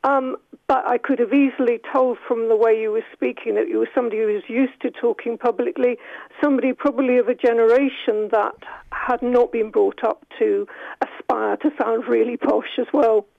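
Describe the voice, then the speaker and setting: A woman professor giving measured, explanatory answers in a radio interview over the phone. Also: on the high side, steady tone, vocal fry, dry recording. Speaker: sociolinguistics professor. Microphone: telephone. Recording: tinny phone line.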